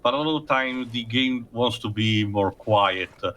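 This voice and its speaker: A man's voice: medium pitch, measured pace, a bit bright, a little hiss or hum. A man hosting a let's play, rambling through gameplay commentary with many fillers.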